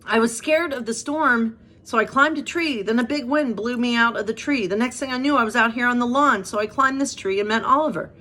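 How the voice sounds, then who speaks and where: A woman's voice: on the high side, brisk, few pauses, bright, forceful tone, pitched above the performer's own voice. A woman voicing a scared, lost little male bear cub that wails tearfully in a storybook reading. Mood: frightened, tearful. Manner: wailing, tearful.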